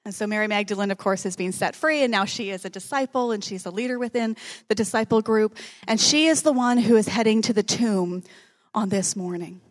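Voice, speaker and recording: A woman's voice: medium pitch, brisk. A woman preaching a sermon in a conversational, joking manner, dropping to a whisper at dramatic moments.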